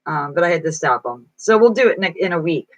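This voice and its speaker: Her fairly low voice comes fast and animated, though the audio is poor and dry. Streaming live from home as a psychic reader, she chats casually, reading out viewer comments and replying, yet seems weak and mentally foggy.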